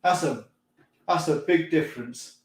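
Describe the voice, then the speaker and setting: A man's voice: fairly high pitch, a little slow, echoey room. A middle-aged man hosting a casual live stream, rambling through viewer comments with frequent laughs and mild swearing.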